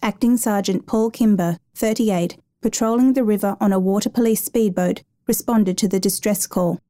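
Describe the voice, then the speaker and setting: A woman reads a dramatic true story of a rescue, keeping her narration measured and even. Her voice is warm and mellow, pitched in the middle range.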